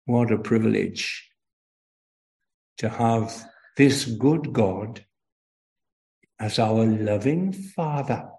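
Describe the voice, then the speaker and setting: A man's voice: mid-range voice, gravelly, darkish tone. An older man from Wales with a Welsh accent, preaching a children's sermon with emphatic call and response.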